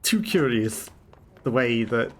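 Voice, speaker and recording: A man's voice: medium pitch, expressive, takes it slowly, fairly bright tone, a little hiss or hum. A man hosting a let's play, making wry joking asides over the game. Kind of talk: casual gameplay commentary.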